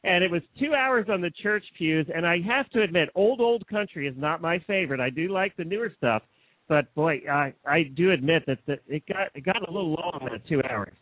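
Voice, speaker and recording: A man co-hosting a radio show, chatting in an animated way and laughing easily. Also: a little high, a little fast, no room sound. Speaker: radio co-host. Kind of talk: casual radio chat. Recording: dry, narrow phone-like sound.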